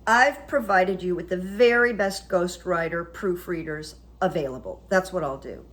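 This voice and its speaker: A woman's voice: lowish voice, moderate pace, fairly bright tone, close to an everyday voice. A woman voicing an eager, fawning middle-aged male publisher who stammers and agrees with everything. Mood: gushing. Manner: gushing, stammering, over-agreeable.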